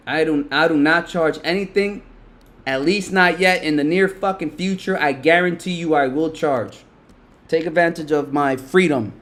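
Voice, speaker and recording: A man's voice: a little high, fairly bright tone. A middle-aged man hosting a casual live stock market stream, loose and profane, talking straight to his chat. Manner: loose, profane, talks to chat, laughs a lot. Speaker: livestream stock market host.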